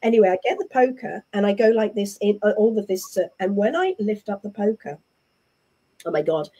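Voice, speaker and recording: Guest, English woman, middle-aged, warm mellow voice, chatty and animated storyteller. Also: medium pitch, brisk. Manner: animated, chatty storyteller who acts out what others said. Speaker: interview guest. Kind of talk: casual conversational storytelling.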